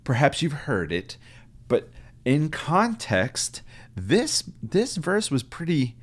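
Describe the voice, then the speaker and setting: A man's voice: a little high, huge pitch swings, takes it slowly. A man who trained as a pastor, hosting a casual solo talk about a hymn in a chatty, enthusiastic way. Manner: chatty and enthusiastic, laughs at himself. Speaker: podcast host, trained pastor.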